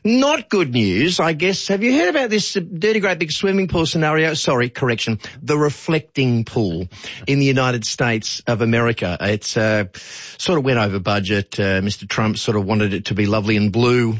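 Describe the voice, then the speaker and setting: A man's voice: medium pitch, expressive, normal speed, dry recording, lo-fi sound. A man with an Australian accent hosting a radio show in a chatty, jokey way, reading out listener texts. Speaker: radio host. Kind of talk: casual radio chat.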